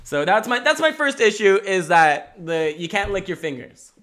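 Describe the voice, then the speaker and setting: A man's voice: high voice, moderate pace. Rambling, profane young male host. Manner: rambling, profane, animated riffing. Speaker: show host. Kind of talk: solo comedic monologue.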